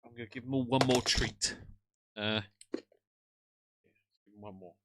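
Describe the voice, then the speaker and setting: A man's voice: mid-range voice, a little slow, background noise. A man hosting a live stream, chatting casually with viewers and teasing the video he is watching. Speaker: livestream host reacting to a video.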